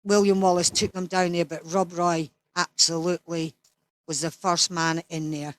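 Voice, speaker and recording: A woman's voice: fairly low pitch, little pitch movement, moderate pace. Blunt, foul-mouthed Scottish woman in her sixties. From Scotland. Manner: blunt, swears freely, ranting. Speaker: interview guest. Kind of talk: casual chat.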